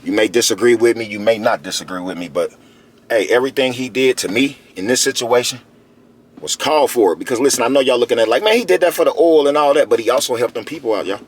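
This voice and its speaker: Speaking fast in a mid-range voice, a man gives his viewers a casual, animated commentary full of slang. He repeats himself and calls out to them often, with slight background noise behind him.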